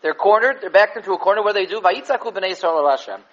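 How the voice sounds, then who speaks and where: A man giving an animated Torah class on the weekly portion, mixing Hebrew and Yiddish terms into English and repeating words as he thinks. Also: high-pitched, rapid-fire, lo-fi sound. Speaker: Torah teacher.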